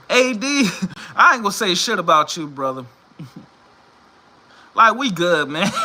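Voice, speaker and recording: Dude with a high bright voice going off about sports, cussing and laughing a lot at home. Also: male voice. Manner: profane, animated, laughing often. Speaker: vlogger. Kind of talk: casual sports rant. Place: home room.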